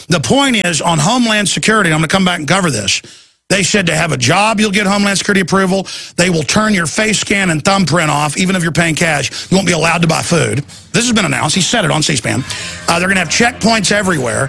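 A man's voice: a little high, vocal fry, pushed and bright, slightly rough, dry recording. A man hosting a talk show, delivering a heated, emphatic and urgent radio monologue.

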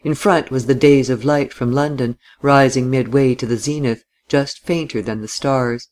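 Male audiobook narrator, measured and steady, mid-pitched. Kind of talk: scripted narration of a classic novel.

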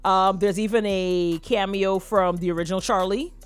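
A chatty woman co-hosts a live morning show, gushing and laughing as she talks. Her voice sits at a middle pitch. Faint music plays underneath. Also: steady tone, normal speed, smooth, no echo. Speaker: co-host. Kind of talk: casual morning show chat.

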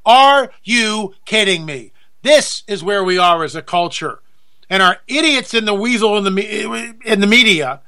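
A male talk show host rants through an indignant monologue. His voice is high and bright, with a forceful edge. He repeats himself to press every point. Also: clean tone. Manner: indignant, repetitive, emphatic.

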